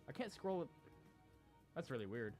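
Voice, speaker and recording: A man's voice: mid-range voice, very animated, normal speed, a little mellow, faint music behind. A man hosting a let's play, giving casual commentary with wry asides.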